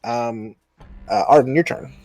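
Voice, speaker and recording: A man running a tabletop game as dungeon master, relaxed, with fillers and quick apologies. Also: mid-range voice, faint music behind.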